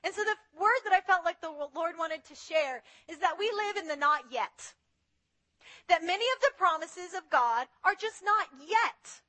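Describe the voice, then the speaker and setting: A woman delivers a sermon with a very high, bright voice. She is animated and slips into little voices for the people she quotes. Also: moderate pace. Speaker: preacher.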